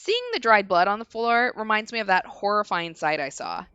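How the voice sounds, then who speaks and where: A woman's voice: mid-range voice, normal speed, a bit bright, highs cut off, a little hiss or hum, lightly acted. Woman reading as an anxious haunted lord. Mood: uneasy. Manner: reading game narration aloud. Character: haunted young male lord, anxious and weary.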